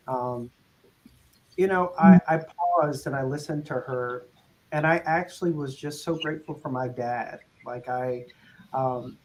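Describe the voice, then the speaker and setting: A man speaking earnestly and reflectively as a panelist, pausing and restarting as he thinks. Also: medium pitch, darkish tone, slight background noise, low-quality recording. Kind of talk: panel discussion.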